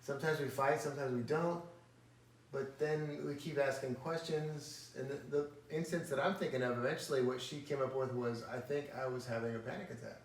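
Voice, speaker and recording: A man's voice: mid-range voice, fairly even intonation, fairly quick. A married man in a casual interview, reflective and telling stories about his relationship. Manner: reflective, storytelling. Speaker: married guest. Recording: roomy echo, distant mic, faint noise.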